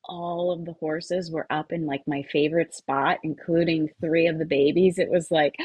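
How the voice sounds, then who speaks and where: Husky-voiced woman telling a story. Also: deep voice, normal speed, dry recording, lo-fi sound. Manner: animated, laughs often, swears freely. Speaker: guest. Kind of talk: casual storytelling.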